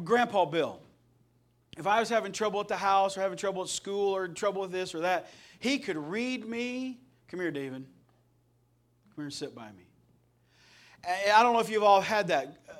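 A middle-aged man from Indiana preaching a sermon as pastor, telling folksy stories with jokes along the way. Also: high voice. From Indiana, USA. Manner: folksy, storytelling, joking.

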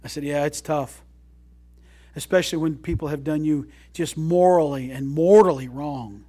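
A man preaching a sermon as pastor, folksy and animated, mixing loud emphatic lines with quiet low asides and jokes. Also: normal speed.

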